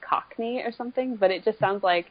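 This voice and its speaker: A woman co-hosting a casual podcast chat, measured and wry. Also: medium pitch, highs cut off. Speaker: podcast co-host.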